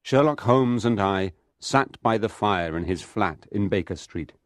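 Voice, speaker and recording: Narrator: deep male voice, clear and steady reading of a story for learners of English. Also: measured pace, no room sound, studio quality.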